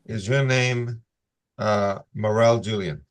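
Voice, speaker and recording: Male judge on a video-call hearing; lowish voice, steady and formal, reads plea warnings. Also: takes it slowly.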